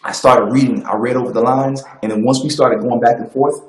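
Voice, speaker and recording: A man of middle pitch recounts his story in a lively, easygoing way, doubling back as he goes. His voice rings in a roomy space. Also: a little fast. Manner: animated, loose, many fillers and restarts. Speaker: actor, interview guest. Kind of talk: casual storytelling.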